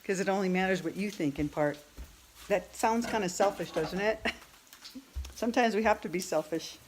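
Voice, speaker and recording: A woman in her fifties hosts a casual cooking vlog from her home kitchen, speaking at a normal speed in a medium-pitched voice. She's chatty, thinks aloud as she works, and jokes and laughs at herself. The recording is rough with slight background noise, plus a sizzling pan and clattering dishes.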